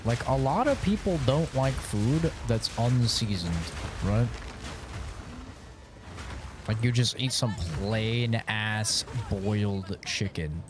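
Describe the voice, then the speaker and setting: A man's voice: on the low side, animated, slow pace. A man streaming a game, chatting casually and swearing as he plays and rants. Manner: swears freely, rants animatedly. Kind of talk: casual gameplay commentary.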